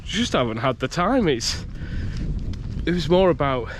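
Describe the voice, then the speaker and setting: A man's voice: on the high side, big pitch swings, unhurried, noisy background. A man chatting in a casual, rambling vlog while walking outdoors by a loch, a little bunged up from a cold. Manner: chatty, rambling, restarts and laughs. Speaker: vlogger. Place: outdoors on a rural campsite by a loch.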